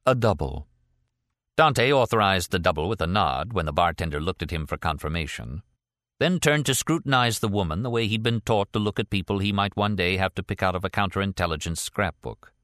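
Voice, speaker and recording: A man with a deep voice reads a novel aloud, letting his pitch rise and fall widely as he tells it. The sound is close and completely dry, with no room around it. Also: lively intonation, brisk, fairly bright tone, no room sound. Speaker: audiobook narrator. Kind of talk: scripted narration.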